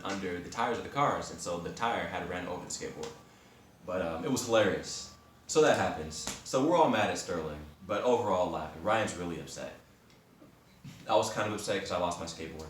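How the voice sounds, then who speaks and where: A man in his twenties hosting a podcast, telling a story in a casual, animated way, with slang and frequent laughter, talking straight to his listeners. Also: on the low side, a little hiss or hum. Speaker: podcast host. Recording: roomy sound from a distant mic.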